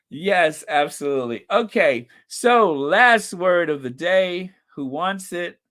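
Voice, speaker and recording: A man's voice: fairly high pitch, animated, slow, a bit bright. A man hosting a casual live-stream chat, chatty, reading out viewer names and comments and laughing often. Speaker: channel host.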